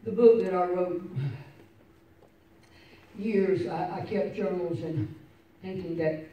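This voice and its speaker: A woman pastor preaching a sermon, swinging from shouted fervor to quiet personal storytelling. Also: lowish voice, takes it slowly, slight background noise. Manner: fervent preaching, rising to shouts, dropping to soft personal storytelling. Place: church sanctuary. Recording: echoey church from far off. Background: congregation responses.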